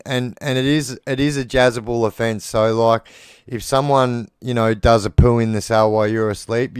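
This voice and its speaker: A man's voice: medium pitch, clean tone, no room sound, clean studio sound. An Australian man in casual monologue, bluntly rambling about prison life and swearing freely. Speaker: former prisoner telling stories.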